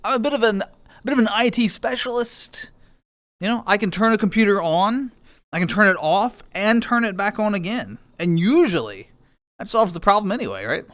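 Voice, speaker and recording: Man, livestreamer, high lively voice, playful banter, a bit tired, dry close sound. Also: normal speed, no echo. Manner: playful, greets chat viewers one by one; goofy, self-mocking. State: tired, lower energy. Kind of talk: casual live-stream chat.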